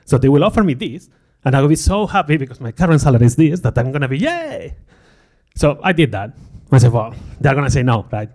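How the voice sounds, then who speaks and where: A man's voice: medium pitch, fast, few pauses. A middle-aged man giving a conference talk, telling a personal story in a self-deprecating way and acting out his own thoughts. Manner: animated, self-deprecating, acts out quoted thoughts. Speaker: conference speaker.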